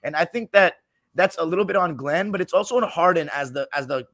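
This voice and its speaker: A man's voice: on the high side, fast, no echo. A man hosting a casual sports podcast, opinionated and jokey as he talks through the matchup. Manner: opinionated, jokey, lively when teasing. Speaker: podcast host.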